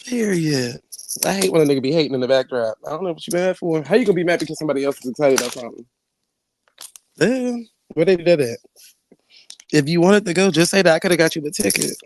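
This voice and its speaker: A man's voice: fairly high pitch, quick pace, slight background noise. Brash, laughing man on a stream. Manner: brash, animated, laughs often, swears freely. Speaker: panelist on a live online talk stream. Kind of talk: casual trash-talking chat.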